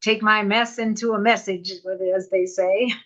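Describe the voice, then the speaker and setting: A middle-aged woman hosts a podcast and talks openly and reflectively about her own life. Her voice sits at a mid pitch for a woman. The recording is a little dull and muffled. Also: fairly even intonation, unhurried, a bit bright. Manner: reflective and open, with light laughter. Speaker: podcast host. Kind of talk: casual conversation.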